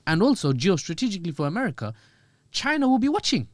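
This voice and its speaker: As a podcast guest, a man talks through his analysis in an animated way, full of jokes and quick asides. His voice sits on the high side for a man, recorded close and dry with no room sound.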